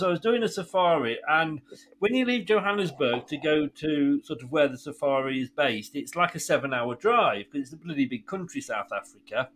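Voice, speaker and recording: A man's voice: on the high side, pushed and bright, slight background noise. A middle-aged man hosting a radio show, chatting with a caller and laughing through his stories. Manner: chatty storyteller, laughs often. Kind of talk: casual chat with a caller.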